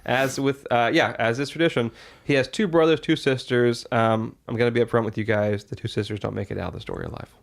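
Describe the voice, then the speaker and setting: A man's voice: medium pitch, fairly even intonation, fast, vocal fry. A man co-hosting a comedy podcast, telling a story in a rambling, jokey way with plenty of filler words. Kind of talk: casual comedic podcast chat.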